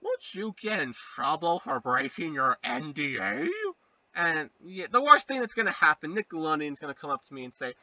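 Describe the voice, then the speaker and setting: Young male reviewer, high and lively, very bright and sharp tone, sarcastic comic delivery, muffled and slightly off-mic. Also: normal speed, no room sound, distant mic. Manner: animated, sarcastic, jumps into silly voices. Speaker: video reviewer. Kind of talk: comedic fake review monologue.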